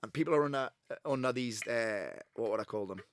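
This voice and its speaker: A man's voice: mid-range voice, fairly quick, smooth, dry recording, clean studio sound. Easygoing podcast host, a man. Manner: relaxed, agreeable, laughs easily. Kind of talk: casual chat.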